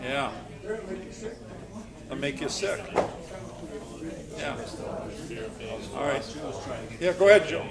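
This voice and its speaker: A man's voice: medium pitch, extremely slow, pauses often, crowd noise. A man leading a recovery class, telling personal stories in a joking, conversational way and putting questions to the group.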